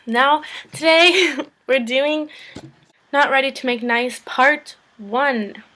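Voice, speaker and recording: A woman's voice: high-pitched, slow, pushed and bright, low-quality recording. A woman casually recapping a TV episode, chatty, full of "like" and "um", swearing freely.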